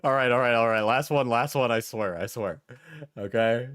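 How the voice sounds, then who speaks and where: A man's voice: medium pitch, moderate pace, fairly bright tone. A young man streaming a reaction video, laughing often, swearing and repeating himself as he gives blunt opinions. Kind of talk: casual reaction commentary.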